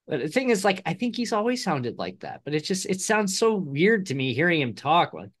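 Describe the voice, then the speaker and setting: A man's voice: a little high, very animated, a little fast. A man with a slight Midwestern accent co-hosting a casual talk show, chatty and rambling, laughing often. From Midwest United States. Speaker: podcast co-host. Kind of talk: casual chat.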